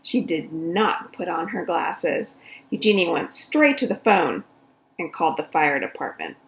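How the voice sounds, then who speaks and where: A woman reading a children's story aloud in an expressive storytelling voice. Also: fairly low pitch, a little slow, low-quality recording. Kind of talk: read-aloud storytelling for kids.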